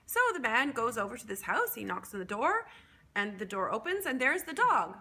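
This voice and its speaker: Bright-voiced woman telling a long joke. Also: a little high, fairly quick, breathy edge. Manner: animated storytelling. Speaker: professor.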